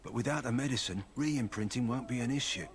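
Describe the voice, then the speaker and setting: A man's voice: medium pitch, fairly quick, close to an everyday voice. A man playing a London-accented kennel master. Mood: matter-of-fact. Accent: London English. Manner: steady, matter-of-fact. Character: calm, practical male kennel master.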